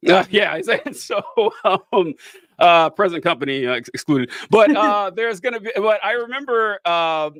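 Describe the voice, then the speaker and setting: A man's voice: sits high, animated, moderate pace, fairly bright tone, no room sound. A man from the American South hosting a casual chat, rambling and restarting sentences, laughing often. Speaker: podcast host.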